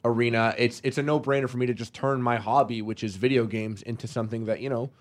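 Podcast guest guy, mid voice, lots of ums and you knows, laid back. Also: mid-range voice. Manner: relaxed, filler-heavy, halting. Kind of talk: casual podcast chat.

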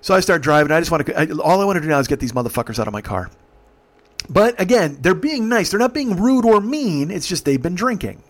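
Fast-talking, profane man telling a story. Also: high-pitched. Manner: profane, animated. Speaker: comedy podcast storyteller. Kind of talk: comedic storytelling.

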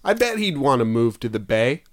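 A man's voice: mid-range voice, sing-song, fairly quick. A man co-hosting a podcast, joking around in casual comedic chat and bursting into playful singing. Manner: jokey, breaks into loud playful singing. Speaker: podcast co-host.

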